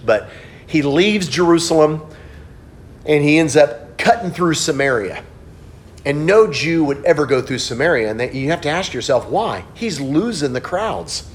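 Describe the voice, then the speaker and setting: Man, pastor, middle-aged, sermon, storytelling, slightly high voice, faint background noise. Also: normal speed. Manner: storytelling, swings between hushed and animated.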